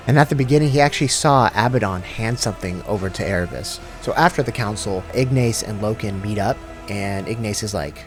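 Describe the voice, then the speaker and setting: A man's voice: lowish voice, brisk, few pauses, soft background music. A young man casually recapping a sci-fi novel in a slangy, profane, rambling way, mixed with read passages. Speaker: lore recap host. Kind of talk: casual comedic book recap.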